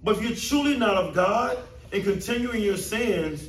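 A man's voice: high-pitched, moderate pace, a little hiss or hum. A man preaching a sermon as pastor, emphatic and repeating phrases for stress. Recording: roomy, distant mic, faint ambience.

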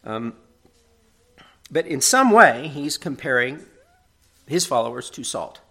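A man's voice: mid-range voice, big pitch swings, slow pace, gravelly, sharp tone, breathy edge. A middle-aged man preaching a sermon in an earnest, conversational way, often checking in with tag questions.

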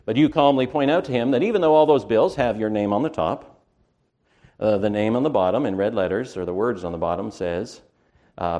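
A man preaching a sermon with emphasis, who slows down to stress key words and often pauses on "uh". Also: medium pitch, lively intonation, dark tone.

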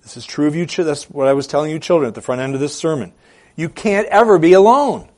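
A male pastor preaching a sermon, repeating phrases for emphasis and moving between loud declarations and quiet, hushed appeals. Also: a little high, very fast. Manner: repeats phrases for emphasis with occasional filler hesitations.

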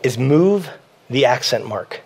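A pastor giving a sermon in a conversational preaching manner, repeating key phrases for emphasis. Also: male voice, medium pitch, lively intonation, slow pace, a little mellow, husky.

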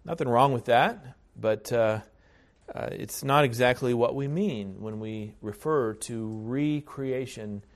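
A man preaching a sermon as pastor, speaking in a measured, deliberate way with frequent hesitations. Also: medium pitch.

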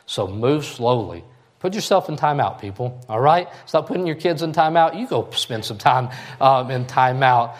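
A man delivers a sermon as pastor. His voice sits in an ordinary middle pitch, and he preaches in a folksy, conversational way, often checking in with the congregation. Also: animated, normal speed. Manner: folksy, conversational preaching with frequent "all right?" check-ins.

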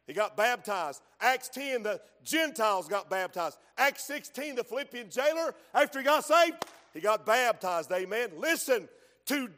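High-voiced preacher in a reverberant hall. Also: male voice, fairly bright tone. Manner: fervent, punctuated with frequent amens. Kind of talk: sermon.

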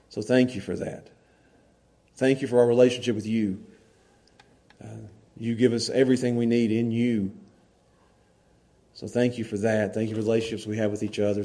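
A man preaching a folksy sermon to a small church congregation, swinging from hushed earnest passages to loud, excited storytelling. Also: on the low side. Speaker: pastor. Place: small church, evening service.

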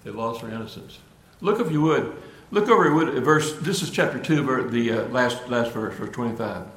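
A male preacher delivering a sermon in a roomy, echoing space. He talks earnestly, circling back over his words and pushing up into stressed, emphatic lines. His pitch sits in the middle range for a man. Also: expressive, normal speed, a bit bright. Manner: earnest, repeats and restarts phrases, rises to emphatic peaks. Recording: echoey room.

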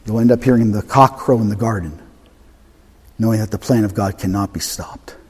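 A man preaching a sermon, emphatic and animated, swinging from loud to soft. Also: fairly low pitch, a little fast, husky. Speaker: pastor. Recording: long hall reverb.

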